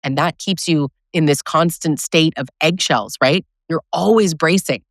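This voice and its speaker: This woman's voice sits low and moves a little slowly, in a dry, clean studio recording. Talking to camera about abusive relationships, she takes a direct coaching tone, leaning hard on her points and repeatedly asking "right?".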